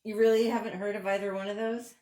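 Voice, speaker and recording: A woman's voice: mid-range voice, level tone, fast, a little mellow. A woman vlogger chatting casually and enthusiastically through a thrift haul and try-on, laughing often.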